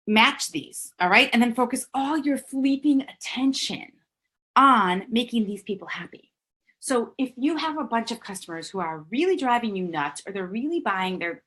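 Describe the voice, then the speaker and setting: A middle-aged woman giving a brisk, emphatic business coaching talk on a live stream, reading out viewer comments as she goes. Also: medium pitch, fairly bright tone.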